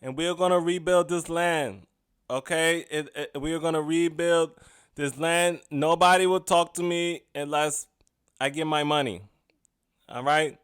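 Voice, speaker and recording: A man doing a comedic impression of a brash, bossy woman who demands money, speaking slowly and emphatically. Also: fairly high pitch, fairly even intonation, fairly bright tone, clear, resonant tone. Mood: demanding. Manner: slow, emphatic, commanding.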